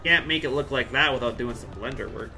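With soft music in the background, a Central Alberta game streamer chats casually and jokes around as he answers his live chat. He speaks a little fast at medium pitch, with vocal fry and a sharp tone.

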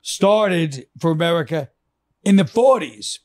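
An older man joins a podcast as a guest and muses aloud, circling back on his own questions. His voice sits a touch high and sounds dry and close. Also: animated, unhurried, a little mellow, no echo. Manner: musing, rambling thinking aloud. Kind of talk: casual chat.

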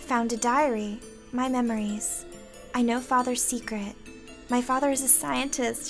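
A woman hosting a let's play, excitable, reading game text aloud between gasps and squeals. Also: sits high, moderate pace. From United States. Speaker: gaming video host. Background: game music.

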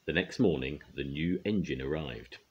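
An older man reading a children's story aloud with an expressive, lively delivery. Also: extremely low pitch, normal speed. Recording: dull lo-fi recording.

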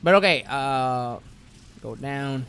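A man streaming a game live, commenting excitably, muttering and repeating himself, then bursting into loud yelps and swearing. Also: medium pitch, takes it slowly, a little hiss or hum. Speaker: gaming streamer.

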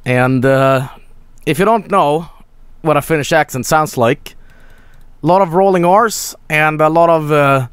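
Streamer, male, a bit high-pitched, crude joking rambles, dry close sound. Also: a little slow, clear, resonant tone, no room sound. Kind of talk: casual gameplay commentary.

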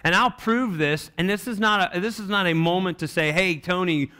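A young man preaches from the pulpit in a high, bright voice. He tells his stories in an animated way, slipping into the voices of the people he quotes. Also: moderate pace, smooth. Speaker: pastor. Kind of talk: sermon.

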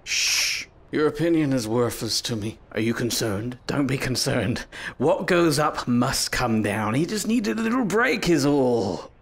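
A man's voice: big pitch swings, unhurried, gravelly. A young man doing comedic VR gameplay commentary, theatrically scolding and swinging between grand speeches and mutters. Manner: mock-dramatic, theatrical scolding with sudden pitch swings. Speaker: gaming YouTuber.

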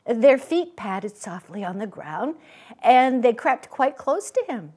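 A woman reading a children's story aloud at a public library, with an expressive, lingering storyteller's delivery. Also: fairly high pitch, slow, slightly rough. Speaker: guest reader.

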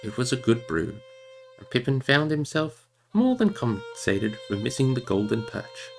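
Animated, gravelly male reader. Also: medium pitch, moderate pace, soft background music. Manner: expressive, animated reading. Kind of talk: reading a novel aloud on a livestream.

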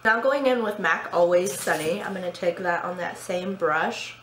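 A woman's voice: fairly low pitch, normal speed, few pauses, fairly bright tone. A young woman with a slight lisp from new braces, chatting casually through a makeup tutorial. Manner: chatty, casual, with frequent fillers. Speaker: beauty vlogger. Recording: echoey room, faint background hum.

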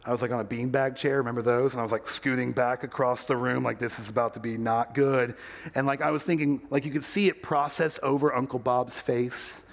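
A man's voice: medium pitch, fairly even intonation, a little fast, gravelly, big-room sound. A male pastor giving a sermon and telling a story, acting out the quoted voices as he goes.

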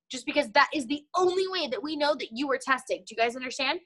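Playful high-voiced woman teaching kids online. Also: quick pace, fairly bright tone. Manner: upbeat, playful, teasing. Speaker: martial arts instructor. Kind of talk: online kids' class on a video call. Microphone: video call.

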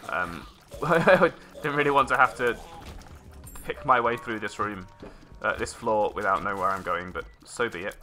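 A man's voice: fairly low pitch, moderate pace, pushed and bright, faint music behind. A man giving rambling let's play commentary, correcting himself as he goes with dry little asides. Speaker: gameplay commentator.

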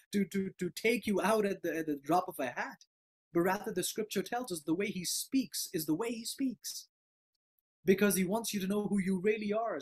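A man preaching a sermon, earnest and given to repeating words as he builds a point, dropping soft and low when he quotes God.

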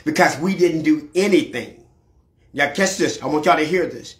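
Black church preacher man, AAVE, kinda high voice, gets loud and shouty, church echo on a livestream. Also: moderate pace. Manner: preaching with sudden shouted climaxes. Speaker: pastor. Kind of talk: sermon. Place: church sanctuary.

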